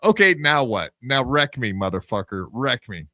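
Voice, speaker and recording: A man's voice: mid-range voice, sing-song, moderate pace, bright, forceful tone, dry recording. A man co-hosting a podcast, incredulous and mocking, swearing freely in casual commentary. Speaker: podcast co-host.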